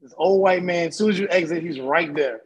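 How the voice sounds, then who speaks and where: A man telling expressive, laughing stories in a casual podcast chat. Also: high-pitched, fairly quick, husky, poor audio.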